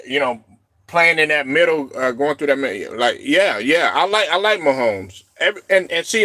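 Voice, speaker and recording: A man hosting a casual live stream, rambling and laughing often, breaking into loud shouted reactions. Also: medium pitch, no room sound. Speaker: show host.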